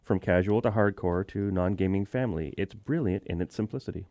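Man, low gravelly voice, halting delivery, dry studio sound. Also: dark tone, no room sound. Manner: halting, many uhs. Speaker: podcast panelist. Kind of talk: casual chat.

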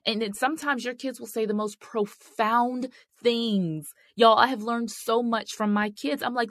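A woman's voice: on the high side, a little slow, few pauses, no echo. A middle-aged woman hosting a faith-based marriage podcast, talking directly and earnestly to listeners. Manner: earnest, direct, addresses listeners as "y'all" and "sis". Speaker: podcast host.

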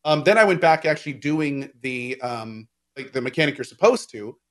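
A man's voice: medium pitch, expressive, moderate pace, fairly bright tone. A man in casual gaming chat, explaining game mechanics at length with lots of fillers and restarts. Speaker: game discussion co-host.

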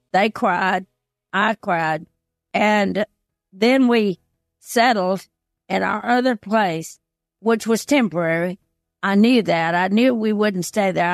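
A woman's voice: mid-range voice, creaky, no room sound, clean studio sound. An older woman as an interview guest, telling a personal story in an earnest, heartfelt way. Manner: earnest, heartfelt, retells past conversations.

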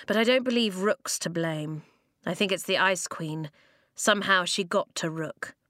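Woman reading as a slow, steady tribe leader. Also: on the low side, dry recording, clean studio sound, natural voice. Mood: urgent, firm. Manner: slow, measured speech. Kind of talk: storybook reading.

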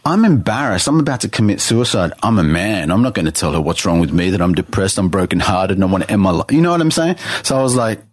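Guest, male, low voice, earnest storyteller with restarts, dry close sound. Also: animated, fast, few pauses, slightly rough, dry recording. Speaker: guest artist. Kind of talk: personal testimony in a podcast interview.

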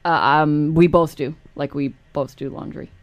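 A woman co-hosting a radio show in the studio, teasing and quick with retorts. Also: deep voice, fairly even intonation. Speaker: radio co-host. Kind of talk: casual studio banter.

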